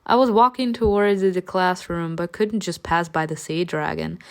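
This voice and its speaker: A woman reading a story game aloud and talking back to it, animated and dryly sarcastic in her asides. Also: on the low side, normal speed.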